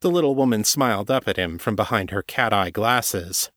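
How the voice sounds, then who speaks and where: A man with a low voice reads a novel aloud at a measured, steady pace. The recording is close and dry, with no room sound. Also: dry recording. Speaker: audiobook narrator. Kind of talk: scripted narration.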